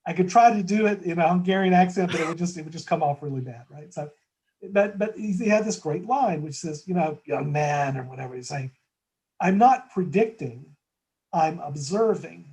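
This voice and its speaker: A man's voice: high voice, fast, darkish tone, poor audio. A man as a guest in a conversational market discussion, talking thoughtfully with frequent restarts and tag questions.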